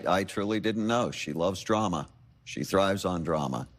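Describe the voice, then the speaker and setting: Low, halting defensive husband. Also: male voice, expressive. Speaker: talk show guest, husband.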